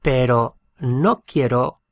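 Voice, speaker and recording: Man, patient tutor, very slow delivery, dry room, repeats and spells words. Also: medium pitch, no echo. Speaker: Spanish teacher. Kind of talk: slow drilled language lesson.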